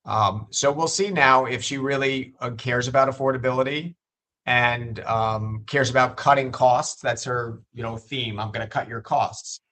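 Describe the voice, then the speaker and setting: A male politician answering questions in a measured, deliberate way. He often repeats a word as he builds his point. His voice sits at an ordinary male pitch. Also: steady tone, sharp tone. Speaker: state legislator, guest. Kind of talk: political interview talk.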